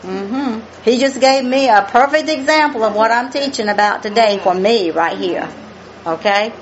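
A woman teaches a Bible study, reading scripture aloud and explaining it as she goes. Her voice sits fairly high, and she repeats key phrases for emphasis. The recording is dull and lo-fi, with a faint hum of room ambience underneath. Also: moderate pace.

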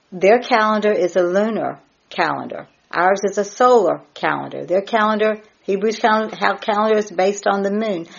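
A woman leading an informal Bible study, repeating key words and spelling out terms as she gets excited. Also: mid-range voice, lo-fi sound. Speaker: Bible teacher.

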